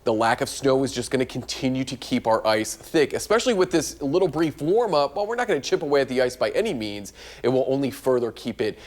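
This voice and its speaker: A man's voice: medium pitch, sing-song, quick pace. A man presenting the TV weather forecast, explaining the maps in a conversational way.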